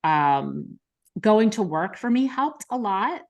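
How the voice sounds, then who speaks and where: A woman's voice: medium pitch, sing-song, takes it slowly, gravelly. A woman in her thirties, a podcast host, frankly telling a personal story in casual conversation, with many fillers. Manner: frank, many likes and ums, emotional retelling.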